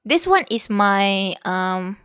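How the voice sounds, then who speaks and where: A woman's voice: mid-range voice, animated, slow, fairly bright tone, clear, resonant tone. A young Malaysian woman with a Malaysian English accent, chatting casually on her livestream and switching between English and Malay. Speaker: VTuber streamer. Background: faint background music.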